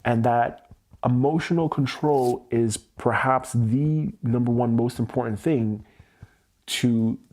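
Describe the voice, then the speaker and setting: A man hosting a tapping livestream, speaking slowly and candidly about his past feelings in a personal, reflective way. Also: mid-range voice, darkish tone. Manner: slow, candid, searching self-reflection. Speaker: EFT tapping livestream host. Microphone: livestream mic.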